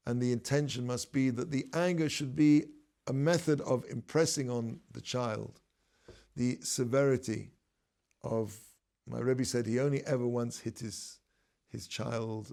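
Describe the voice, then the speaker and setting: A man, a rabbi, giving a relaxed, conversational Torah lesson, telling stories and mixing in Hebrew terms. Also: medium pitch, gravelly. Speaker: rabbi teaching a class.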